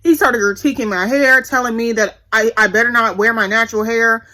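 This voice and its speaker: A woman's voice: on the high side, fairly even intonation, brisk, pushed and bright. A woman in her twenties telling a candid, profane story to her viewers in a blunt, chatty vlog. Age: 20s. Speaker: vlogger.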